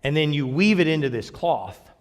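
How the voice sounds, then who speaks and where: A man's voice: fairly high pitch, animated, normal speed, big-room sound, natural voice. A preacher voicing a sheepish strongman who hems and gives in.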